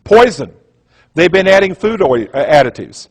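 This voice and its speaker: A man's voice: high-pitched, very animated, normal speed. A man giving a presentation in a rambling, emphatic storytelling manner. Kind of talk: conspiracy lecture talk.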